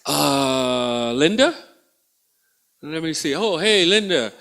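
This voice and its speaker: A man's voice: fairly high pitch, animated, takes it slowly, creaky, fairly bright tone. A male stand-up comedian teasing and riffing with the audience from a small theatre stage. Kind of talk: stand-up crowd work.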